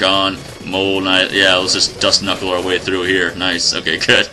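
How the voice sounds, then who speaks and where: A man giving casual, chatty commentary while playing a video game, excitable and joking, often laughing. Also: sits low, normal speed, hardly any pauses. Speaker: let's play host. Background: faint game music.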